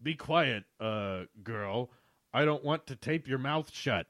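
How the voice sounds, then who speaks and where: A man's voice: medium pitch, animated, takes it slowly, a bit bright, no room sound, clean studio sound. A man reading the lines of a bossy boy kidnapper in an urgent, insistent way. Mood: threatening.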